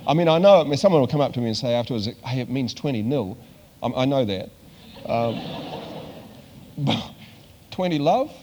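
A man's voice: mid-range voice, animated, normal speed, long pauses, mellow, long reverb tail, slight background noise. An older man from New Zealand giving a conversational sermon as a preacher, with dry humor and frequent hesitations.

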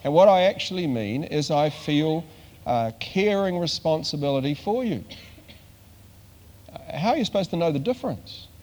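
A man's voice: fairly high pitch, animated, moderate pace, a little mellow. Older man preaching in a reverberant hall. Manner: conversational, with dry humor and many fillers. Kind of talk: sermon.

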